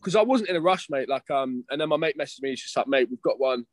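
A man's voice: on the high side, lively intonation, fast. A young man chatting casually as a guest, rambling, swearing and calling everyone mate and bro. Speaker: guest, competing bodybuilder. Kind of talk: casual chat.

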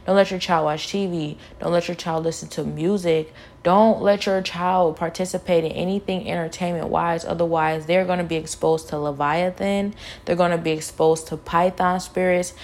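A woman's voice: on the low side, steady tone, normal speed, darkish tone. A young woman telling an emotional personal testimony, fervent and repetitive, with many "like" fillers. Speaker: vlogger sharing a personal testimony.

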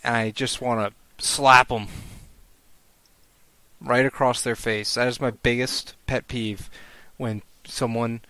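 A man hosting a casual podcast chat, talking loudly and animatedly and laughing often. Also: mid-range voice, flat delivery, slow, clean tone, dry recording. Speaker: podcast host.

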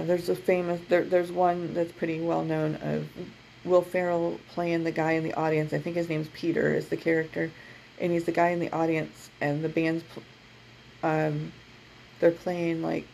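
This is a woman co-hosting a podcast, her voice low, warm and heavily gravelly. She chats loosely with plenty of fillers and restarts, then eases into introducing a guided meditation. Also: level tone, moderate pace, a little hiss or hum, poor audio. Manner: chatty, rambling with many fillers. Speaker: podcast co-host.

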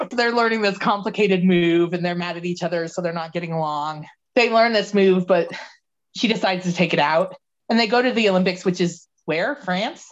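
A woman co-hosting a podcast, recapping a movie in casual chat, animated and laughing as she quotes the characters. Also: on the low side, normal speed, dull audio. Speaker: podcast co-host.

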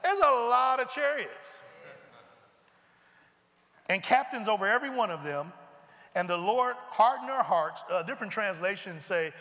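A man preaching a sermon, reading scripture aloud and explaining it in animated, conversational asides. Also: sits high, moderate pace, pauses often. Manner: animated, conversational, breaks into asides and mimics characters. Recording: long reverb of a large hall.

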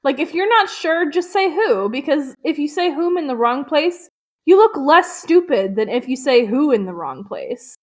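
A woman co-host chats casually and bluntly picks apart the writing. Her voice is a touch high. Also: very animated, normal speed. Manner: blunt, nitpicky commentary. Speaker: podcast co-host. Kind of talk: casual chat.

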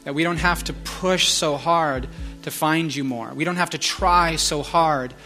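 A man pastoring a church service, leading a fervent prayer with repeated pleas, sometimes hushed. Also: fairly high pitch, unhurried, soft background music. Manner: fervent repeated pleading, soft and hushed at times. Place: church sanctuary.

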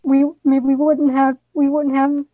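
A woman's voice: sits high, little pitch movement, a little slow, dry recording. A woman guest on a casual fan podcast, hesitant and stammering with many restarts. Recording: tinny phone-like line.

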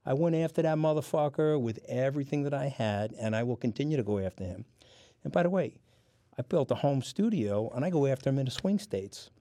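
A man's voice: mid-range voice, expressive, a little fast, warm tone, no echo, studio quality. Blunt, swearing New York man. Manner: blunt, combative, swears freely. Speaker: podcast guest. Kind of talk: profane storytelling in casual chat.

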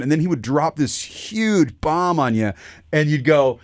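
A man's voice: on the high side, animated, moderate pace, no room sound. A man co-hosting a pastors' discussion show, talking loosely and often restarting his sentences as he puts questions to the others. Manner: rambling, restarts often, leads questions to co-hosts. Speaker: pastor co-host.

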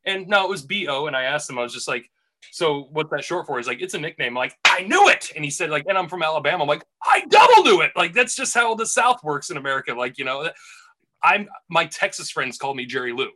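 A man's voice: fairly high pitch, fast talker, sharp tone. A man casually telling a rambling golf caddy story on a podcast, full of restarts and asides.

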